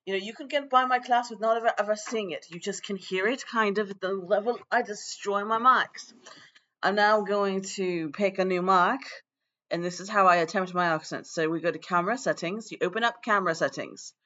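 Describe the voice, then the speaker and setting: A man's voice: high voice, steady tone, a little fast, pushed and bright, dull audio, a little hiss or hum. A man improvising a loose, rambling lecture as a self-styled teacher of a magic class.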